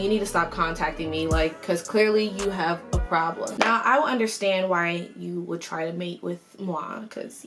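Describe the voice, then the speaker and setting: A young adult woman beauty vlogger telling a story in a casual, animated way, saying "like" a lot. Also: mid-range voice. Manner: chatty, animated, heavy use of "like". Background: background music.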